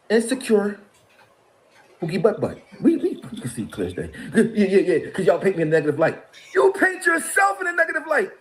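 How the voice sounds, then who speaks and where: Animated high-voiced man ranting mockingly. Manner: mocking, exasperated, laughing between jabs. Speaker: interview guest. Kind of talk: heated call-out rant.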